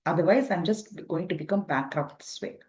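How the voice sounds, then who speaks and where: A woman voicing a male sandalwood merchant in debt, complaining with hesitant pauses, on a dull lo-fi recording. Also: on the low side, a little mellow, natural voice. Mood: plaintive.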